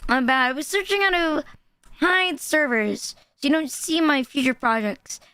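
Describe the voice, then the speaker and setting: A woman's voice: sits high, moderate pace, pushed and bright. A woman from the Philippines, chatting casually and profanely as a streamer reacting to videos. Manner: loose, profane, laughing asides. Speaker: VTuber streamer.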